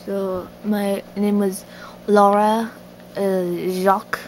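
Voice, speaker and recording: A woman voicing a made-up Parisian woman on vacation, speaking with a put-on French accent in a slow, halting way. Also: mid-range voice, level tone, slight background noise, natural voice. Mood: playful.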